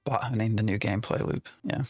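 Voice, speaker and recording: A man's voice: on the low side, fast talker, no room sound, clean studio sound, faint music behind. A man streaming a game live, rambling in an exasperated way and talking to his chat. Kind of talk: live gameplay commentary.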